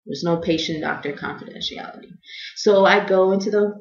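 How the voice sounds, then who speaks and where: A young American woman telling a comedic personal story in an animated way, acting out other people's lines in quick voices. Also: mid-range voice, creaky. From United States. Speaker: vlogger. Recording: echoey room, dull lo-fi sound.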